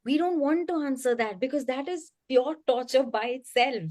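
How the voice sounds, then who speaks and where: A woman speaking earnestly in a panel discussion, animated and often saying "you know.". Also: high voice, normal speed, dry recording, studio quality.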